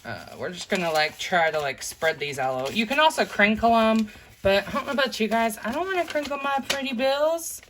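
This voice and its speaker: A woman's voice: on the high side, animated, brisk, fairly bright tone, a little hiss or hum. Chatty woman counting cash aloud. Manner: chatty, addresses viewers as "you guys", counts bills aloud. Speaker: budgeting vlogger. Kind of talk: casual talk to camera while counting cash.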